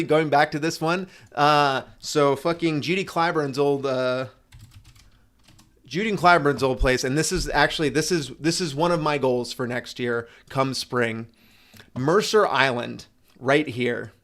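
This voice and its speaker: A man's voice: fairly high pitch, fairly bright tone. A man chatting casually on a live stream as a motorcycle streamer, rambling and swearing, with frequent restarts. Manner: rambling, profane, restarts often.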